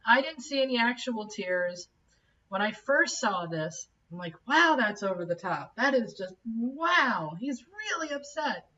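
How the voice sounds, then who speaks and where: A woman's voice: medium pitch, fairly bright tone, far from the mic, dull audio. A middle-aged woman reviewing a TV episode in a blunt, exasperated, conversational rant. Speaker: show reviewer. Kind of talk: casual rant-style TV review.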